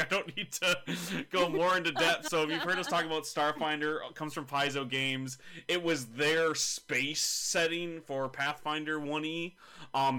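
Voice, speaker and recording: A man's voice: fairly high pitch, pushed and bright. A man hosting a casual podcast about tabletop games, chatty and jokey, teasing his co-hosts. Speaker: podcast host.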